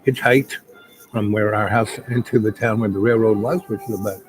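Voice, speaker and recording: An older man telling a long personal story in a meandering, casual way, full of "you know" and pauses. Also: lowish voice, fairly even intonation, background noise.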